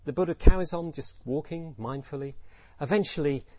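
Man, Buddhist teacher, husky voice, dry recording, reflective, asks rhetorical questions. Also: on the high side, a little fast, darkish tone, no room sound. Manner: reflective, poses rhetorical questions, acts out quotes. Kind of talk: Dharma talk with storytelling.

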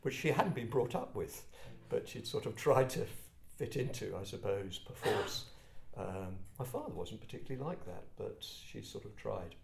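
Reflective older English man, gravelly. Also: lowish voice, expressive. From England, Kent. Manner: reflective, halting, self-deprecating. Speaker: speaker addressing a group. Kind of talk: personal storytelling talk. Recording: roomy echo.

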